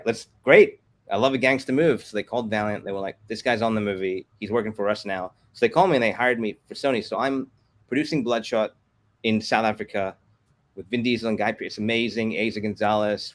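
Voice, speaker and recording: This is casual interview storytelling from a guest, a comics company executive with a low voice who talks quickly. He acts out quotes as he rattles off lively anecdotes.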